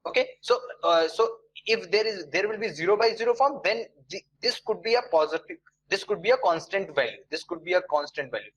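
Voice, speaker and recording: A man with a slightly raised voice, teaching an online engineering class. He walks through each step slowly, repeating key phrases and pausing with fillers. He keeps checking in, asking students to answer. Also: high-pitched, animated, fairly bright tone, slightly rough, poor audio. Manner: many fillers and restarts, non-native phrasing. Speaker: lecturer.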